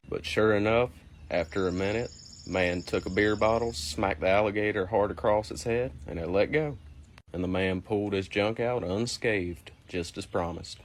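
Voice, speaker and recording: A man telling the joke of the day in a steady, narrative way. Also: lowish voice, a little hiss or hum. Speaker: joke teller.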